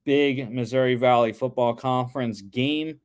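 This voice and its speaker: A man's voice: medium pitch, steady tone, unhurried, clean tone. Chatty man talking football picks. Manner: chatty, many fillers and restarts. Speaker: podcast co-host making football picks. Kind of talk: casual sports talk.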